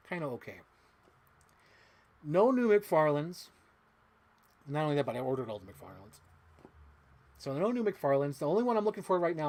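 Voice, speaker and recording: A young man chatting casually as a toy collector, rambling, excitable and swearing freely. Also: mid-range voice. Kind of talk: casual unboxing chat.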